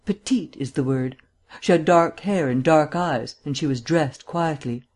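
A man reading an audiobook, voicing a cool, cynical gentleman detective with a drawling, mildly mocking manner. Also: on the high side, a little slow. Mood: cool, probing.

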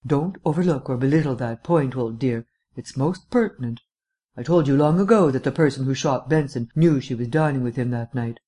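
A languid, witty gentleman detective who teases everyone around him, speaking in a drawling, affected upper-class manner, read by a man. An audiobook figure who treats a murder case like a parlour game. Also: mid-range voice, normal speed, close to an everyday voice. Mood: airy drawl.

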